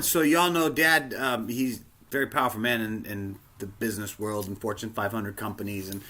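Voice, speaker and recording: A man's voice: moderate pace, hardly any pauses. A man preaching a sermon, telling a personal story and acting out the dialogue in it. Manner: animated, acts out dialogue with big pitch jumps. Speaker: pastor.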